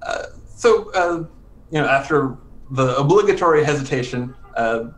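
A man plays an improvised tabletop game and narrates his character's moves. His pitch is lively, yet he sounds hesitant and fills the pauses. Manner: hesitant, many fillers. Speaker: player. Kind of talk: casual tabletop role-play.

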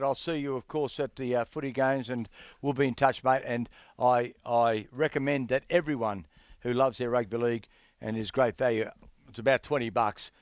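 A middle-aged man with an Australian accent hosting a sports radio show, talking haltingly with many fillers and restarts. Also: medium pitch, clean tone, no room sound.

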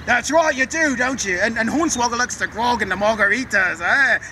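Squeaky high pirate guy, a man hamming it up, rambling and forgetful, mic far off with traffic noise outside. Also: normal speed, pushed and bright, heavily acted. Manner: rambling, forgetful, chatters to his rats. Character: eccentric pirate man with pet rats. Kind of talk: improvised comic pirate character sketch. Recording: distant mic with outdoor noise.

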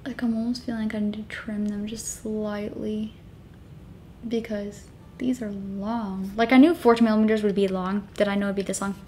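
A woman's voice: medium pitch, flat delivery, moderate pace, dark tone, slight background noise. A woman beauty vlogger chatting casually through a product tutorial, filling her talk with "like" and playing up her reactions, sometimes dropping to a whisper while concentrating. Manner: chatty, filler-heavy, self-dramatizing.

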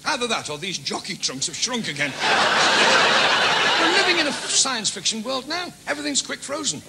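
A man with a Liverpool accent doing a stand-up comedy routine, rattling off gags and bursting into shouted character voices. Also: extremely high pitch, very animated, creaky. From England. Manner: quick gag delivery with sudden shouted character voices. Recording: noisy stage recording with laughter.

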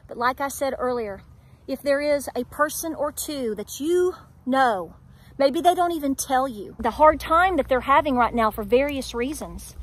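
Speaking at normal speed in a high voice, a middle-aged Appalachian woman who runs a homestead vlog addresses her viewers directly. Her candid talk is emphatic and preachy, packed with rhetorical questions.

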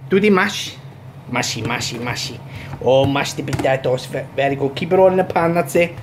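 A man hosting a playful home cooking video with his children, boisterous and given to shouted catchphrases. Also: mid-range voice, a little fast, slight background noise. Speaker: home cooking show host and dad. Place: home kitchen, indoors.

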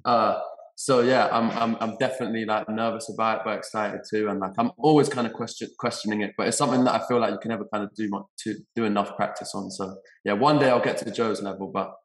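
A young man, an actor chatting casually in an interview, halting with many restarts and repeated words. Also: lowish voice, fairly even intonation, echoey room, rough recording. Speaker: actor and producer, interview guest.

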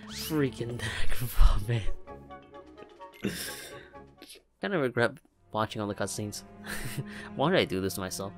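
A man's voice: medium pitch, expressive, unhurried, pauses often. Laughing man reacting over game music. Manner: laughs often, exclaims and stumbles over words. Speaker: YouTuber reacting to game cutscenes. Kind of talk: casual reaction commentary.

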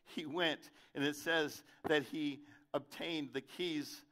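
Male pastor, bright and forceful tone, dramatic sermon delivery, loud peaks and quiet stretches. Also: steady tone, takes it slowly. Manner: dramatic, swings from loud questions to soft low delivery.

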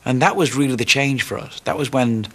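A man being interviewed, telling stories about his past in a reflective, unhurried way. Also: mid-range voice. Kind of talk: reminiscing interview.

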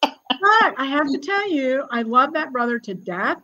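A woman's voice: high voice, unhurried. Chatty woman in her sixties, muffled audio. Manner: lively, chatty, laughs often. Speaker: genealogist guest. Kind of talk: casual storytelling conversation.

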